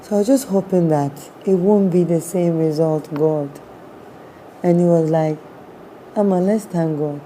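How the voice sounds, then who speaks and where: Woman, Ghanaian accent, lowish mellow voice, animated storytelling, acts out dialogue. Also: moderate pace, a little hiss or hum. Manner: animated, acts out quoted dialogue, mixes in Twi words. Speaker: guest. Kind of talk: emotional personal storytelling.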